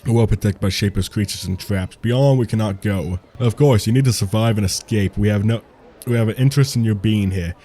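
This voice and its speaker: Man reading proud guarded servant-tribe leader, fantasy game, low dark voice, stumbling restarts. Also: brisk, natural voice.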